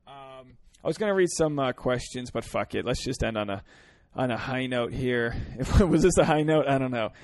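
A man hosting a solo podcast from his parked car, ranting earnestly with lots of swearing, swinging between fired-up pleas and quieter reflection. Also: medium pitch, expressive, normal speed, few pauses, no room sound. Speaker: podcast host.

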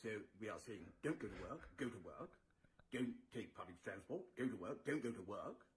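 A man's voice: lowish voice, animated, normal speed, lightly acted. A man impersonating a bumbling male politician who gives muddled, contradictory orders in a comedy sketch. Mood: blustering. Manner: contradictory, blustering.

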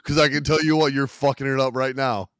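An adult parent co-hosts a podcast, casually chatting in a laid-back way, swearing freely and laughing easily between lines. His medium-pitched voice is level, fast and a bit bright, recorded dry, close and clean with no echo or room sound.

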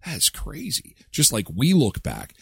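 A middle-aged man hosting a casual chat show, joking and animated. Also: medium pitch, a little slow, gravelly, slightly rough, no room sound. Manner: joking, animated, slips into silly voices. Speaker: talk show host.

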